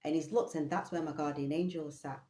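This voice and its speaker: A woman vlogging a personal story, animated and swearing casually. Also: deep voice, quick pace, reverberant.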